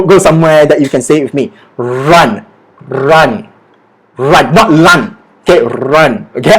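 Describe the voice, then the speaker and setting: An English lecturer with a Malaysian accent giving a livestreamed pronunciation lesson, drilling words slowly and tagging sentences with "all right?". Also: mid-range voice, low-quality recording. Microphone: oversensitive loud home mic.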